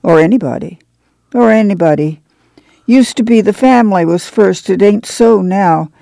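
A man's voice: high voice, normal speed, gravelly, dark tone, no room sound, clean studio sound. A man voicing a tired, steadfast rural mother speaking plainly in an audiobook reading. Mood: weary.

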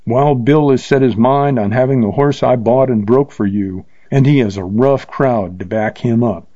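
A man voicing a cool, mocking young Texan rider who talks briskly. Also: mid-range voice, mellow, dry recording, natural voice. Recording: slightly dull lo-fi recording.

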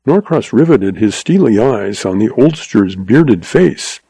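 A man narrating a western audiobook in a steady storytelling voice. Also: mid-range voice, measured pace, few pauses, husky, dry recording, low-quality recording.

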